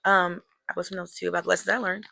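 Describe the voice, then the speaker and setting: Chatty woman with a gravelly edge. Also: on the low side, little pitch movement, fast talker, bright, forceful tone, dry recording. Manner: chatty, addresses viewers as girl and y'all; reflective, draws life lessons. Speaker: vlogger telling a personal story. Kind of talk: casual storytelling to camera.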